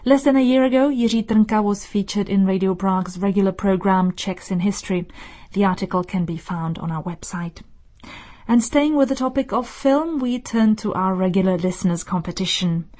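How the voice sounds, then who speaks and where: A woman hosting a radio listener mail show, reading her script in a measured, explanatory way from a studio. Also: medium pitch, darkish tone.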